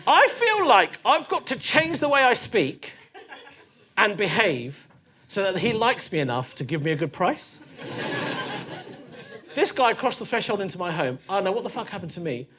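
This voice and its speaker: A male stand-up comedian telling stories in a comedy club, animated and punchy, swearing freely. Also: high voice, normal speed, long pauses, slight background noise.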